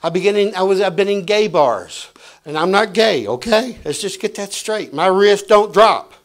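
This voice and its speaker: A man preaching a fiery sermon in a church, swinging between loud shouts and quiet asides. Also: high voice, expressive, moderate pace. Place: church sanctuary.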